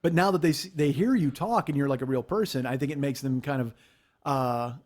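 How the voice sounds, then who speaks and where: A man in his forties hosting a podcast, joking in casual chat with quick stammering restarts. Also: medium pitch, a little mellow. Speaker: podcast host.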